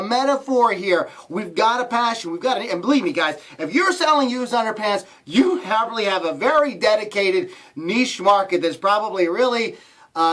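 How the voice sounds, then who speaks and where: A middle-aged man coaches his viewers straight into the camera. His voice leaps and drops all over as he jokes, keeping a playful, animated sales energy. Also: high voice. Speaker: online business coach. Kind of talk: direct-to-camera motivational vlog.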